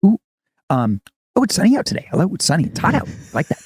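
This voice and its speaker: A man impersonating an endlessly cheerful, excitable man, full of wide-eyed delight. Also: on the high side, fast, husky, no echo, studio quality, voice pushed up, exaggerated voice.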